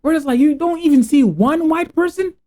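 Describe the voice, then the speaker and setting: A man's voice: very high voice, brisk, mellow. A man from Africa hosting a reaction video, talking in rambling slang full of "bro" and "like". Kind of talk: casual reaction commentary.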